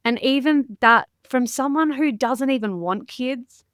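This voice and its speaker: Aussie woman guest, open and a bit teary, swears a bit, smooth clear voice. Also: high-pitched, a little slow, no echo, studio quality. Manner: open and emotional, frank with mild swearing. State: near tears. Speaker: podcast guest, mindset educator. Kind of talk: candid interview conversation.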